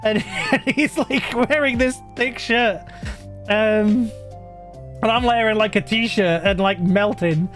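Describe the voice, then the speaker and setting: A British man with an unusually high voice tells a story to his live stream in loose, rambling chat. He trips over restarts and fillers and breaks into laughs mid-sentence. Soft music plays quietly behind him. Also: takes it slowly. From Britain.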